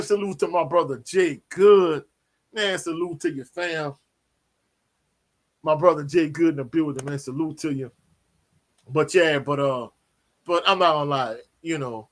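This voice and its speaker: A man, hosting a casual live sports Q&A, animated and slangy, often tagging on "you know what I'm saying". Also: on the high side. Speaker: sports talk host.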